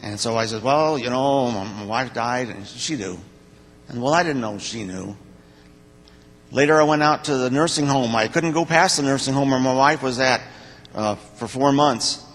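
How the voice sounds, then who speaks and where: An older man stands before a church congregation and tells his own story in a plain-spoken, heartfelt way, often pausing and restarting. His voice sits at an ordinary pitch for a man. It rings through the long reverb of a church hall. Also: fairly bright tone, a little hiss or hum. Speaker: church member giving a talk to the congregation. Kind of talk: personal testimony.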